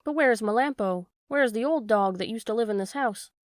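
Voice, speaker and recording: A woman's voice: on the high side, a little fast, no echo, studio quality, natural voice. A woman reading as a sly, sweet-talking weasel. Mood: coaxing. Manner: sweet, coaxing. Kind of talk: storybook read-aloud.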